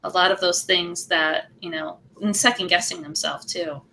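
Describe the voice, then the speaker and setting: A woman's voice: lowish voice, moderate pace, creaky, rough recording. A woman podcast host chatting enthusiastically with her guest in a casual interview. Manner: enthusiastic, chatty, animated reactions.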